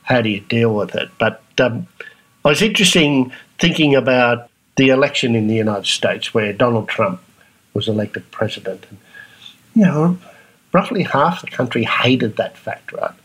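Australian male podcast host, husky timbre, casual and animated, acts out voices. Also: normal speed, low-quality recording. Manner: animated, acts out other people's reactions in a higher voice. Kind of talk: casual monologue.

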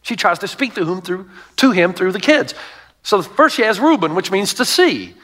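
A man's voice: high voice, sing-song, normal speed, fairly bright tone. A middle-aged male pastor preaching a sermon to a congregation, telling stories with emphatic asides.

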